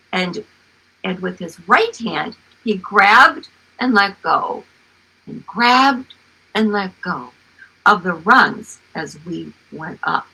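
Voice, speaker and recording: An older woman reads from her own memoir at an unhurried pace, her voice husky with a gravelly edge. Her tone is bright, and her storytelling is lively and expressive. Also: mid-range voice, rough recording. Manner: slow, expressive storytelling with animated exclamations. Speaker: author reading her memoir. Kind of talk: storytime reading and chat.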